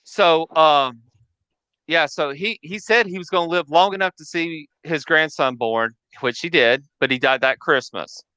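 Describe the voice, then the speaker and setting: Bright, clear-voiced man recalling memories. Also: fairly high pitch, no echo. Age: 40s. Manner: halting, restarts while recalling memories. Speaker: family member telling ghost stories. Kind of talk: casual storytelling chat.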